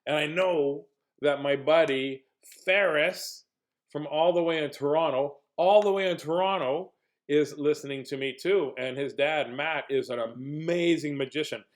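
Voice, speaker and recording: A man's voice: fairly high pitch, unhurried. A man hosting a casual read-aloud stream for children, chatting playfully and joking with young viewers between pages. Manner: jokey, clowning between reading. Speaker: children's book reader and host.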